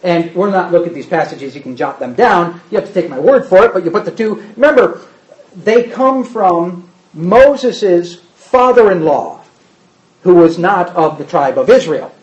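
High-voiced preacher in a roomy space. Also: male voice, animated. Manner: explains verses with quick asides. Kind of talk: sermon with scripture reading. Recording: roomy, slightly muffled.

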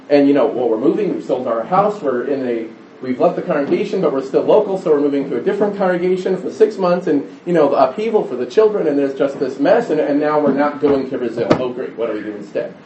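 A man's voice: on the high side, warm tone, echoey room, distant mic, highs cut off, a little hiss or hum. A middle-aged man preaching a conversational sermon, rambling with restarts and stories.

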